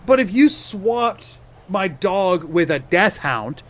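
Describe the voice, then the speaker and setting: During his game stream, a high-voiced man takes it slow in a sing-song delivery, bantering playfully with viewers in casual, meandering chat that loops back on the same wordplay.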